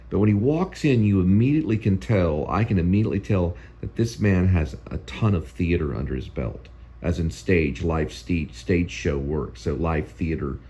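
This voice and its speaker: A man's voice: sits low, mellow. A male host giving casual, rambling film commentary that often repeats itself.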